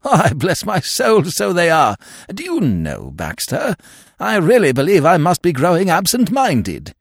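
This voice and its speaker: Dithering elderly earl, fluttery and flustered, read by a man, high and lively. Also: measured pace, slightly rough, dry recording, studio quality, full character voice.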